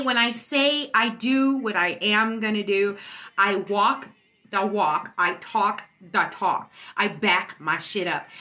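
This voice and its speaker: Woman, stoned, casual livestream chat, rambling, boastful, giggly, bright tone. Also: mid-range voice. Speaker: livestream host.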